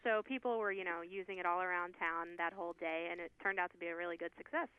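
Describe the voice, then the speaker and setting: A woman's voice: on the low side, steady tone, quick pace, clear, resonant tone, no room sound, phone-quality sound. A woman calling a radio show, telling a story in a friendly, plain way. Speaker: caller. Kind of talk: phone call to a radio show.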